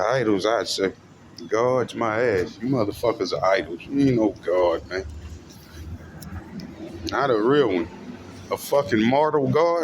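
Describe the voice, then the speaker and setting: A man delivering a profane ranting monologue, his voice jumping between low mutters and sudden high outbursts, with a faint hum of traffic behind. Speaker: self-styled preacher vlogger.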